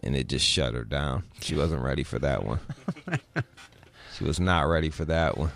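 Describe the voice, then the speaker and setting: A man's voice: very deep voice, big pitch swings, moderate pace, vocal fry, fairly bright tone. A middle-aged man co-hosting a casual podcast, talking bluntly with lots of swearing and mimicking people in his stories. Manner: blunt, swears often, mimics voices in anecdotes. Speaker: podcast co-host. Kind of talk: casual profane chat.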